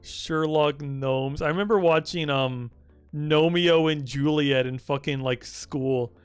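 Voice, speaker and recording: A man's voice: a little high, takes it slowly, smooth, no echo, soft background music. A young man streaming live, chatting casually, teasing and swearing as he rambles.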